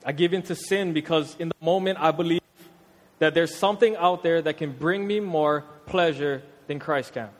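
A young man from Hawaii, preaching a casual, slang-filled sermon in a conversational, animated way. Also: a little high, normal speed. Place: church hall. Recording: long hall reverb.

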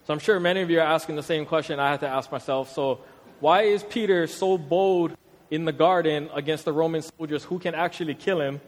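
A young man delivers a casual sermon, easygoing and full of slang. His voice sits a bit high for a man, and a long church-hall reverb trails every phrase. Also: brisk. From Hawaii. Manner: conversational, animated, street slang. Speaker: preacher.

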